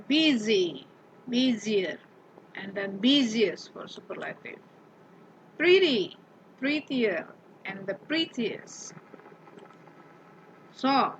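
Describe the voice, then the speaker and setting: Slow, patient woman teaching grammar. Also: a little high, a bit bright, highs cut off, slight background noise. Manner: patient, repeats example words with rising emphasis; asks the class questions. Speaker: English teacher. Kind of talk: grammar lesson.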